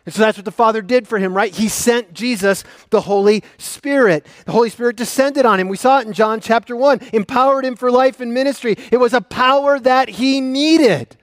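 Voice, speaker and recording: A man preaching a sermon as a pastor, swinging between loud, raised questions and soft, low passages. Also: normal speed, no echo, clean studio sound.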